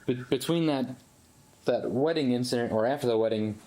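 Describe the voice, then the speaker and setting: Man, police interviewer, calm brief questions. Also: medium pitch, fairly quick.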